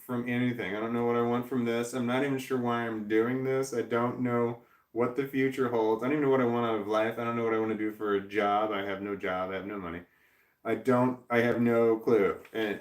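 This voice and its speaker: This mid-range voice belongs to a middle-aged man from Missouri, USA, who chats on a live stream and reads viewer comments aloud. His talk drones and wanders with lots of restarts and self-deprecation, captured in an echoey room.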